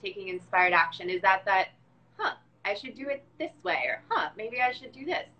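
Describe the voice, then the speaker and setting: A woman with a bright, sharp-edged voice interviewing a friend. She asks her questions casually and warmly, with plenty of filler words. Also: mid-range voice, big pitch swings, normal speed, highs cut off. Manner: friendly, laughing easily, filler-heavy questions.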